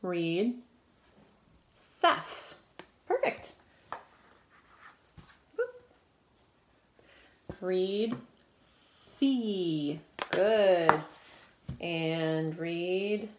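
Lady teacher doing phonics drills, slow and clear, cheering kids on, bit of hiss behind. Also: lowish voice. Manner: encouraging, slow and clearly spoken prompting. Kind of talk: recorded reading lesson for children.

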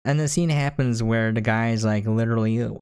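A man's voice: mid-range voice, normal speed, a little mellow, clean tone, no room sound, studio quality. A man giving a casual, sarcastic and exasperated rant as an anime reviewer.

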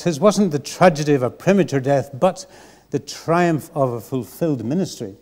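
A mellow-toned man, preaching from the pulpit of a church. He talks in an earnest, reflective, unhurried way. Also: a little high, animated. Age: 60s. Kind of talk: sermon.

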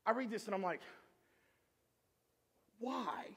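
A man preaching a sermon as pastor, animated, swinging from shouting to quiet asides. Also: very high voice, normal speed, big-room sound. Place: church sanctuary.

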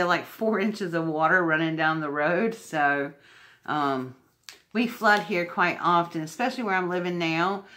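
A woman's voice: on the low side, fairly bright tone. A woman unboxing craft mail at home, gushing and emotional. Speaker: crafting vlogger. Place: home indoors.

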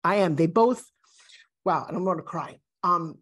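A woman in her sixties, a guest, talking in an emphatic, animated and self-assured way in a motivational interview. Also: on the low side, moderate pace, husky. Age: 60s.

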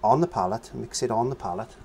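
Man, casual painting teacher, natural mid pitch, rambling and friendly, hums while working, faint background hum. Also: quick pace, vocal fry, a little mellow. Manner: chatty, hums and sings nonsense syllables while painting.

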